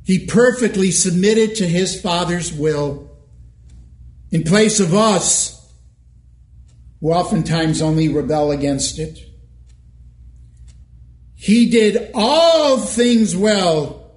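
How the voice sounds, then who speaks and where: A male pastor preaching a sermon in a church, measured and emphatic, asking rhetorical questions. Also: sits high, lively intonation, echoey room.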